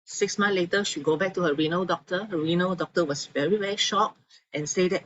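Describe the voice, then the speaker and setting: A woman giving an animated testimonial talk to an audience, acting out the people she quotes. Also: fairly low pitch, a little fast, lo-fi sound, slight background noise. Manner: animated storyteller, acts out quotes.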